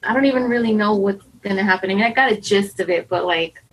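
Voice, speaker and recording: Anxious, rambling woman with a husky voice. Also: medium pitch, fast, poor audio. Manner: anxious, rambling, restarts often and quotes her own worries. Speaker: karate student preparing for black belt. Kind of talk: candid conversational interview.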